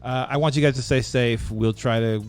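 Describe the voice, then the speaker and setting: A man hosting a podcast, telling a long crude joke in a casual, animated way. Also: medium pitch, normal speed, faint music behind. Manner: animated storyteller with crude humor. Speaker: podcast host.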